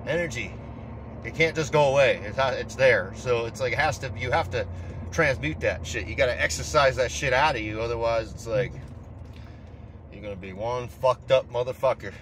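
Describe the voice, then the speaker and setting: A man's voice: mid-range voice, moderate pace, a bit bright. A man in a casual motivational monologue, intense and profane, rambling as he talks. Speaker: vlogger. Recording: outdoor traffic noise.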